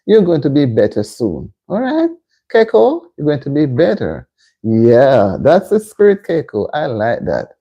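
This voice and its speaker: A woman's voice: rumbling low, wildly swooping pitch, unhurried, husky, highs cut off. A middle-aged woman hosting a live cooking stream, chatting between cooking tips and greeting viewers by name.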